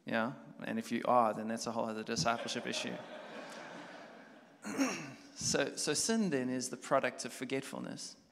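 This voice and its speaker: A man preaches to his congregation in a relaxed, conversational way that grows loud and animated. His voice is gravelly and bright, with a slightly raised pitch. The sound carries the long reverb of a large hall. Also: normal speed, long pauses, slight background noise. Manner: conversational, builds from quiet musing to loud animated storytelling. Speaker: pastor. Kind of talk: sermon. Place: church hall.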